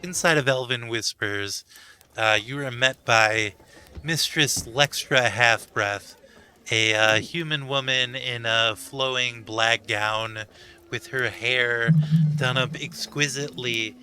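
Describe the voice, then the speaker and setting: A man narrates as game master, with a very bright, forceful tone. He talks with lots of ums and small chuckles. Faint music plays behind. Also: mid-range voice, slow, smooth. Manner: filler-heavy, chuckling narration.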